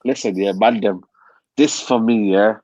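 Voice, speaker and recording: Husky hushed fan on a call. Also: male voice, fairly low pitch, a little slow, no echo. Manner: emphatic, repeats yeah and man. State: talking quietly, near a whisper. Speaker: football fan pundit. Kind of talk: heated football rant. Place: hotel room. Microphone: video call.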